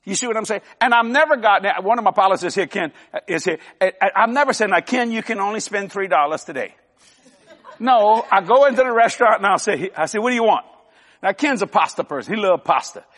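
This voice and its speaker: An older man delivers a sermon from the pulpit in a folksy, emphatic way, mixing jokes into his preaching. His voice sits high for a man, and it rings out through a large church hall with a long reverb trailing behind each phrase. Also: animated, fast talker, a bit bright. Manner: folksy, emphatic, joking with laughs. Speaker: televangelist preacher.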